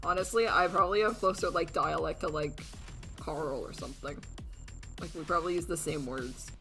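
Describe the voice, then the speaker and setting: A woman's voice: low-pitched, normal speed, fairly bright tone, soft background music. A young woman chatting casually on a livestream, giggly and rambling with lots of fillers. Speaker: streamer and artist.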